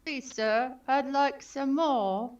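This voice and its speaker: A woman's voice: sits high, slow, recorded from a distance, dull audio. A woman player in a tabletop game, speaking bluntly in short broken phrases. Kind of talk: tabletop role-play banter.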